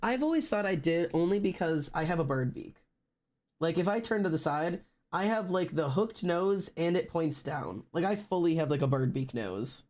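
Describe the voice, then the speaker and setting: A man's voice: fairly high pitch, animated, moderate pace, a little mellow. A young man streaming live, chatting casually and rambling with lots of fillers and restarts. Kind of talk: casual chat with stream viewers. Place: indoors at home.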